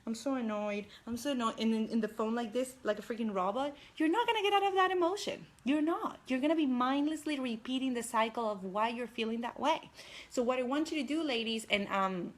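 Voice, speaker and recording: Speaking straight to her live-stream audience, a young female life coach delivers a lively, conversational motivational talk. She talks a bit quickly in a voice on the high side.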